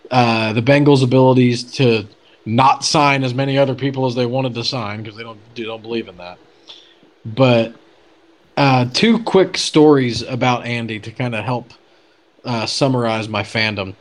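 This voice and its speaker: A man's voice: medium pitch, measured pace. A man telling a story in a casual chat, chatty with many fillers and restarts. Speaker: podcast guest telling a story.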